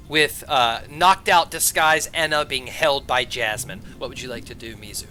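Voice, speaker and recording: A man narrating as game master of a tabletop game, relaxed and halting, with frequent pauses and uhs. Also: medium pitch, soft background music.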